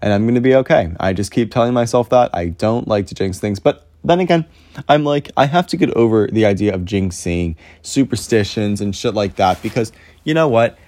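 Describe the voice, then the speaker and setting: Alone on his podcast, a young male host rambles casually, mocking himself and cursing freely as he thinks out loud. He speaks briskly and expressively in a fairly low, slightly mellow voice.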